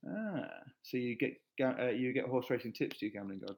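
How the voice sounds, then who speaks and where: A man's voice: medium pitch, animated, brisk, heavy background noise. A man chatting casually on a live stream, reading viewer comments aloud and joking back. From England.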